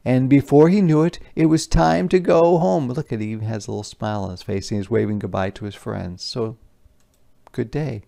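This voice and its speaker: A man with a mid-range voice and vocal fry reads a picture book to young children fairly quickly, gently stressing the words on the page. Between passages, he explains vocabulary and pictures in plain terms.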